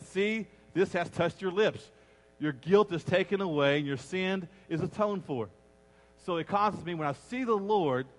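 Animated preaching man in reverberant hall. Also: on the high side. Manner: animated preaching, acting out quoted voices. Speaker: pastor. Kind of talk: sermon. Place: church sanctuary. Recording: long reverb of a large church hall.

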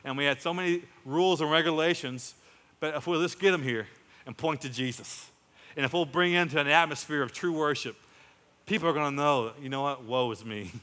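A man preaching a sermon as pastor, emphatic, building up to loud exclamations. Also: a little high, a little fast. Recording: long hall reverb.

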